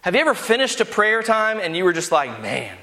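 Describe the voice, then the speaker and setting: A male pastor delivers a sermon in a church, earnest and building to emphatic points, with playful asides. His voice sits high for a man, and a long hall reverb hangs on every phrase. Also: lively intonation, fast talker, sharp tone. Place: church sanctuary.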